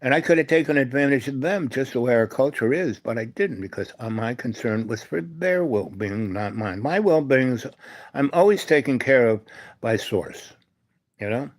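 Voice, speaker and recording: A man hosting a live stream, telling a meandering personal story full of fillers and asides, sometimes dropping to a soft, hushed voice. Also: medium pitch, expressive, normal speed. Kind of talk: rambling storytelling monologue.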